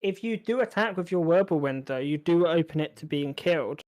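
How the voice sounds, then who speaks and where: Man, somewhat high voice, esports caster, analytical play-by-play, repeats words on restarts. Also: animated, moderate pace, darkish tone. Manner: analytical, frequent small restarts. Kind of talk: play-by-play commentary.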